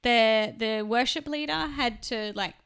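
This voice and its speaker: Bright-voiced Australian woman telling stories. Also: a little high, a little slow, creaky, clean tone. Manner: chatty storytelling, animated when quoting others. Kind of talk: casual podcast chat.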